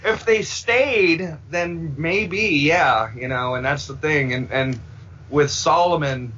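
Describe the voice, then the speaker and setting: A man's voice: fairly high pitch, slow, bright, forceful tone. A man guesting on a podcast, rambling casually and acting out the voices he quotes. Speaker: filmmaker guest. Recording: dull lo-fi sound.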